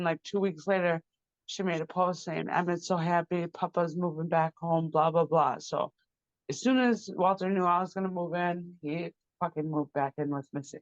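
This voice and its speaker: A woman's voice: fairly low pitch, no room sound, highs cut off. A woman, the sister of the person discussed, telling a long personal account in a rambling way, full of "like" and quoted asides. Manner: rambling, repeats "like" and "blah, blah, blah". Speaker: interviewee, victim's sister.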